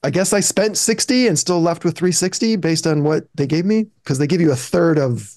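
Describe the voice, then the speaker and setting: A man spinning a loose, rambling story among friends, often stopping to restart his thought. His voice is of middle pitch and sounds close and dry, with no room around it. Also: moderate pace, darkish tone, no echo. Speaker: regular on a comedy podcast. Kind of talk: casual chat.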